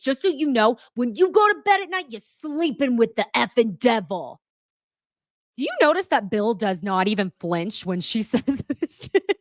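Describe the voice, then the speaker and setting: A woman's voice: fairly low pitch, no room sound. Sassy woman host, dry close sound. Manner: sassy, animated, swears and laughs often. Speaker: host of a live recap show. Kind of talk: casual reality-TV recap commentary.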